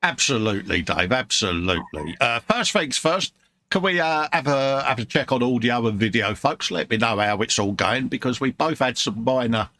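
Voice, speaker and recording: A man's voice: mid-range voice, expressive, moderate pace, bright, forceful tone. A British man hosting a casual livestream chat at his hobby bench, jokey and full of playful slang, sounding tired. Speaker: livestream host. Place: hobby workbench room.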